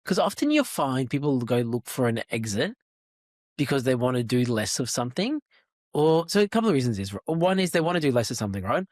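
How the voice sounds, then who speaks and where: A man's voice: mid-range voice, sing-song, fairly quick, dry recording, clean studio sound. Probing podcast host, man. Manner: probing, challenging, presses for answers. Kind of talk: casual interview conversation.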